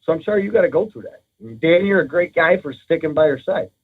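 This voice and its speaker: A man's voice: fairly high pitch, animated, fast talker, breathy edge. A man calling in to a talk show, chatting loosely and swearing freely. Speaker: caller. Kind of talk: casual chat over the phone. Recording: tinny phone line.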